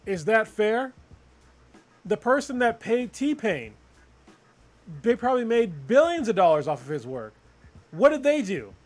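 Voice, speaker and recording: Man, high voice, casual podcast chat, profane and fired-up. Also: a little slow, long pauses. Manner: profane, animated ranting.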